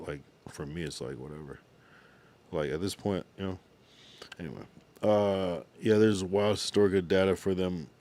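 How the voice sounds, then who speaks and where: A man's voice: low voice, darkish tone. A young man livestreaming, chatting casually with viewers in a laid-back, drowsy way, full of slang and loose asides, yawning now and then. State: sleepy, yawning. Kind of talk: casual livestream chat reading viewer comments.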